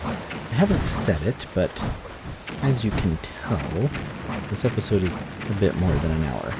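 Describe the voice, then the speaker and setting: Deep gravelly American man, gaming commentary. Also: measured pace, very noisy. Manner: relaxed, rambling, self-correcting. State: tired. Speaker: gaming channel host. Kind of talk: casual gameplay commentary. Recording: loud game sound effects behind voice.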